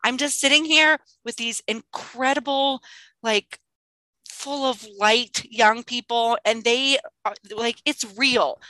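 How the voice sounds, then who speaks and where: A woman who teaches young children online, telling classroom stories in casual chat over a video call and acting out the voices in a lively way. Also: on the high side, slow pace, no room sound, poor audio. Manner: animated storyteller who acts out voices.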